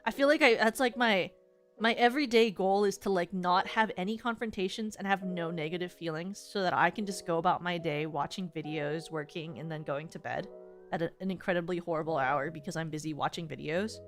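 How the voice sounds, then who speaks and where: A woman's voice: fairly low pitch, brisk, faint music behind. A woman streamer chatting casually to her viewers in a rambling way, with many filler words.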